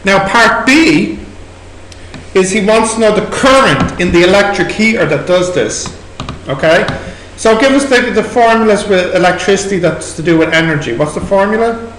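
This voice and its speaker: A man's voice: high-pitched, lively intonation, moderate pace, a bit bright. A man with an Irish accent tutoring maths, asking students question after question as he works through exam problems in a classroom. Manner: questioning, prompting students step by step. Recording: echoey room recording with background noise.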